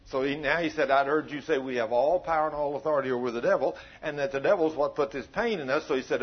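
Man, preacher, animated storytelling, high voice, dull recording. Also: fast, hardly any pauses, slightly rough. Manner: folksy, animated storytelling with acted quotes. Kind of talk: sermon. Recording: dull lo-fi sound.

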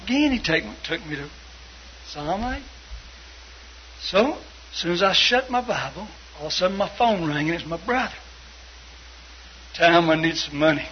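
A man with a high voice tells a faith story and acts out the people in it, sometimes shouting, sometimes near tears. The sound is dull, with a faint hiss behind it. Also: animated, moderate pace, pauses often. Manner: acts out quoted voices, shouting and tearful in spots. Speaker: guest telling a testimony. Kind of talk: storytelling testimony.

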